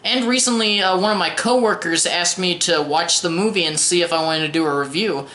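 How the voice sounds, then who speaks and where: A young woman talks through a film review in an offhand, sarcastic way, tripping over words and starting again. Her voice is bright and a little sharp, and it bounces around a roomy, echoey space. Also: lowish voice, a little fast. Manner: wry, sarcastic, stumbles and restarts. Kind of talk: casual spoken movie review.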